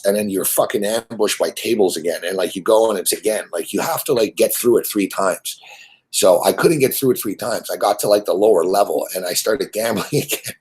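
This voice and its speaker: Husky low-voiced man ranting. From Montreal, Canada. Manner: rambling, profane, repeats himself. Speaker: host. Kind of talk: profane storytelling rant.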